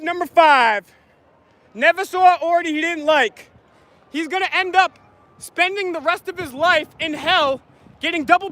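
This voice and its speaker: A man filming on his phone outdoors, loudly heckling and taunting officials with repeated insults. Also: extremely high pitch, slight background noise. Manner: mocking, repetitive insults. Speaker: YouTube auditor filming officials. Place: outdoors at a public event. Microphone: handheld phone camera.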